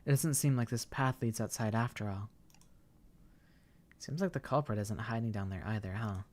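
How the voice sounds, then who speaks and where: A man's voice: fairly low pitch, normal speed, darkish tone, lightly acted. A man reading the lines of a timid, anxious young woman in a game, hesitant and careful. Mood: cautious.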